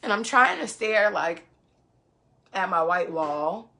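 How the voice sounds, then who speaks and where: A woman's voice: on the low side, lively intonation, slow, gravelly, pushed and bright. A woman vlogger venting to her viewers in heated casual talk, cursing freely and repeating phrases for emphasis.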